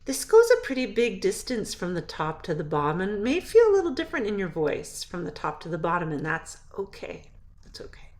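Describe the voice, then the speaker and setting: A woman voice teacher who patiently explains a song, then sings phrases to show them. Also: medium pitch. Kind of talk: singing lesson walkthrough.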